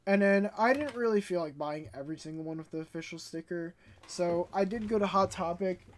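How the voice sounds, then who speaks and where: A young woman vlogging in a casual, animated storytelling way, stuttering when she gets worked up. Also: lowish voice, brisk. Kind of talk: casual ranting vlog.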